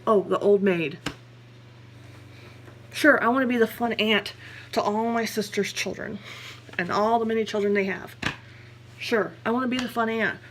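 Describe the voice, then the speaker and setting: A young woman speaks candidly into her camera in a personal vlog. Her voice sits at a middle pitch, and she rambles and corrects herself. Faint background noise sits under the recording. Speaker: vlogger.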